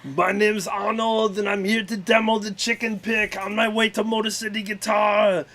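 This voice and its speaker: A man voicing a goofy male cartoon pitchman with a put-on cartoonish accent and a slow, hammy sales delivery. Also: fairly bright tone.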